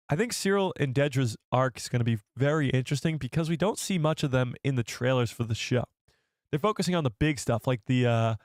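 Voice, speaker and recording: Excitable male live stream host. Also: mid-range voice, no room sound, clean studio sound. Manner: excitable, rambling, talks to the chat. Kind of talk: casual live stream chat.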